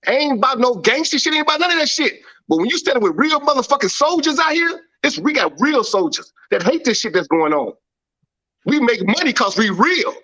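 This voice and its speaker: A man's voice: very high-pitched, sharp tone, muffled recording. A man on a livestream panel, delivering a heated, profane rant and repeating phrases for emphasis.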